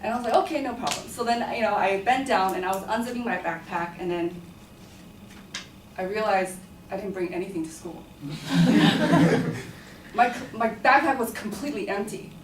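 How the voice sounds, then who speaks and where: A woman's voice: mid-range voice, normal speed, long pauses. Chatty young woman in an echoey room. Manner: chatty, many fillers, giggles at own story. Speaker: student storyteller. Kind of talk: personal story told to a class. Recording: echoey room, far from the mic, faint hum.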